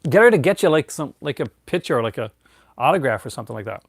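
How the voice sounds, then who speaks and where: A man's voice: medium pitch, very animated, quick pace, vocal fry, husky, no room sound. Rambling middle-aged man with dry sound. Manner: rambling, many fillers and restarts, chuckling. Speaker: host. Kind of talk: casual live chat.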